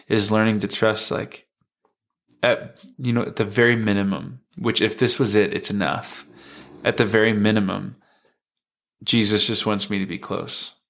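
A young man in his twenties speaks earnestly and reflectively about his faith. His voice sits a little low, and he pauses often with halting fillers as he works through his story. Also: vocal fry, a bit bright. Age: 20s. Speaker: worship leader, podcast guest. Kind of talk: personal testimony in conversation.

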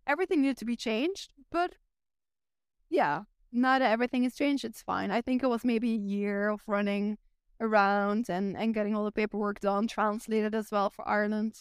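A woman's voice: mid-range voice, normal speed, smooth, no room sound, studio quality. A Belgian woman, a native Flemish speaker, chatting frankly and casually on a podcast, with a Flemish accent and lots of "like". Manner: chatty, uses "like" a lot, frank. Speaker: guest.

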